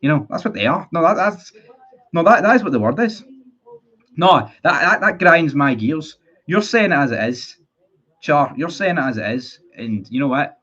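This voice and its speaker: Ranting Scottish football fan, lo-fi. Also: male voice, a little high, sing-song, moderate pace, fairly bright tone, slightly rough. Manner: swearing, heated, repetitive. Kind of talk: ranting live stream chat.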